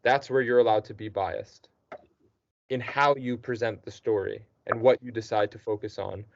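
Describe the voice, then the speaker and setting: A man's voice: lowish voice, steady tone, normal speed, vocal fry, no room sound. Encouraging male tutor, dry dull recording. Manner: patient, encouraging, checks with "right?". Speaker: teacher. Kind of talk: one-on-one tutoring session.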